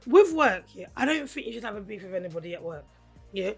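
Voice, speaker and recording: A Nigerian-born woman co-hosting a podcast in casual chat, her voice hoarse, laughing often as she tells stories. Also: mid-range voice, fast talker, faint music behind. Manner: laughs often, animated storytelling. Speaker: podcast co-host.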